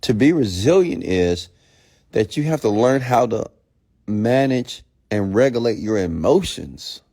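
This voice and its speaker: A man's voice: on the low side, lively intonation, a little slow, dark tone. A man hosting a late-night live stream, ranting bluntly and profanely at viewers, then answering their questions. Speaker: entrepreneur mentor host.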